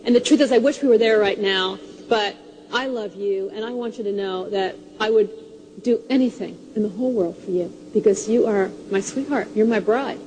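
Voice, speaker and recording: Woman doing a soft lower-voiced husband sweet-talking his wife, echoey hall. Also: monotone, very fast, few pauses, close to an everyday voice. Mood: tender. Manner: soft and earnest. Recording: reverberant hall, faint ambience.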